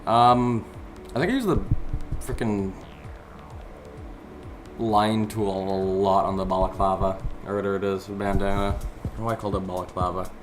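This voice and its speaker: Narrating his speed drawing from his desk, a young artist rambles in a casual voice-over full of fillers and light cursing. His voice sits on the low side at a normal pace with frequent pauses; a desk microphone recorded it separately over the video, and background music plays underneath.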